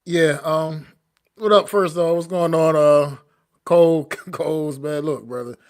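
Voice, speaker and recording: A man's voice: fairly high pitch, fairly even intonation, measured pace. A man co-hosting a sports podcast, talking slangy and disgusted, dropping "bro" and "man.". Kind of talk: casual sports talk.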